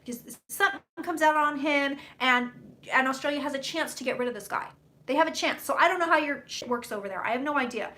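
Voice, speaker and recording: A young woman psychic talks to her live stream audience in loose, run-on bursts, full of swearing and blunt asides. Her voice sits high and sounds bright and sharp. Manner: blunt, profane, rambling and fast. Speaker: psychic doing live predictions.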